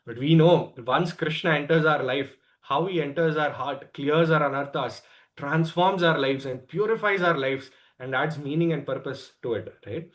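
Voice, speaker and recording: A man's voice: on the high side, moderate pace. A man with an Indian English accent telling a scripture story in a devotional class, often checking in with "right?". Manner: lively storyteller, tags lines with "right?".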